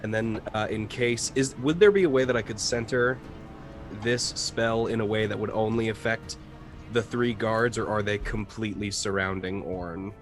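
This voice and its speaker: A man's voice: fairly low pitch, fairly even intonation, moderate pace, soft background music. A man playing a tabletop game, thinking aloud hesitantly as he describes his character's actions. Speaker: player. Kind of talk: tabletop role-play.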